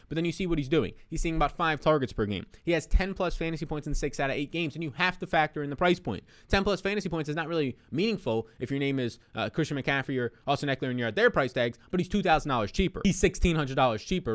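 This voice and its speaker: A young man hosting a fantasy football picks show, talking in an energetic, profane, hype-man way. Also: medium pitch. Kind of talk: hyped sports betting talk.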